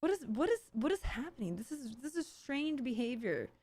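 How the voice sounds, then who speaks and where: A woman's voice: sits high, big pitch swings, moderate pace, a little mellow. A woman streamer giving live reaction commentary, ranting sarcastically with lots of fillers and restarts. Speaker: streamer host.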